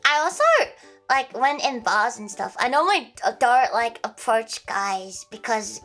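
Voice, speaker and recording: A woman's voice: on the high side, unhurried, a bit bright, faint music behind, low-quality recording. A young woman livestreaming, chatting casually with viewers in a rambling, giggly way with plenty of swearing. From Australia.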